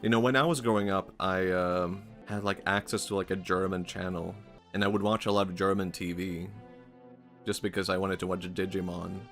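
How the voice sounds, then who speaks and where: A man's voice: low-pitched, flat delivery, moderate pace, a bit bright, soft background music. A man casually chatting and rambling through gameplay commentary on a stream, laughing often, recorded at a home streaming setup.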